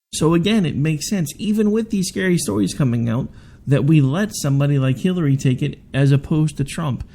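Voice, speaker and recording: A man's voice: mid-range voice, vocal fry, dark tone, slight background noise. A man hosting a political talk radio show, talking through his views in a conversational, hedging way. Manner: conversational, hedging, frequent restarts.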